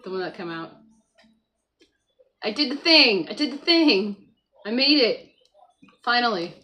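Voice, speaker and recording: A woman's voice: fairly high pitch, lively intonation, a little slow, bright, forceful tone, poor audio. A woman hosting a casual morning livestream at home, chatting to viewers, reading the chat aloud and talking to her child beside her. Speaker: livestream host. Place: at home by a computer.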